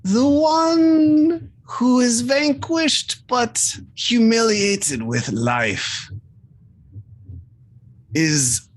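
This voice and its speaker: A woman voicing a strange, formal male creature that speaks in slow, archaic phrases. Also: fairly high pitch, expressive, pitched above the performer's own voice, heavily acted. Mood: solemn. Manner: grandiose, slow archaic speech. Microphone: video call.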